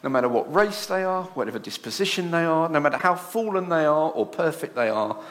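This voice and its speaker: A man's voice: fairly high pitch, animated, a little fast, a bit bright. A man preaching a sermon to a congregation in a church. He asks the room rhetorical questions and takes on dramatic voices when he quotes others.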